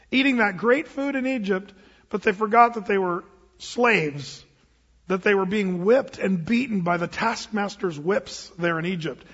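High, husky middle-aged pastor preaching. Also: male voice. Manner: casual and conversational, quizzes the congregation. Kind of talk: sermon. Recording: dull live recording in a reverberant hall.

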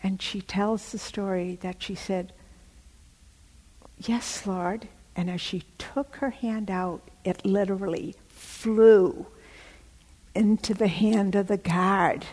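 A woman preaching and telling a story, her breathy voice dramatic and often sinking to a near whisper. She speaks slowly, and her words ring out with a long reverb, as if in a large hall. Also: medium pitch, fairly even intonation, darkish tone. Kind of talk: sermon storytelling.

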